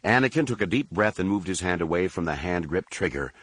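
A man narrating a science fiction audiobook in a steady, measured way. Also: low voice, breathy edge, no echo. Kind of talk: scripted narration.

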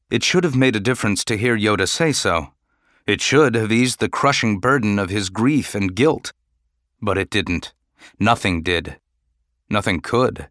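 This audiobook narrator is a man with a fairly low pitch who tells the story in a steady, measured way. His recording is dry and of studio quality.

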